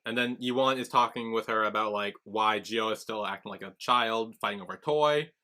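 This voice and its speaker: A man with a lowish voice speaks fairly quickly as he co-hosts a podcast. He recaps episodes in a casual, animated manner, performing characters' lines in quoted voices.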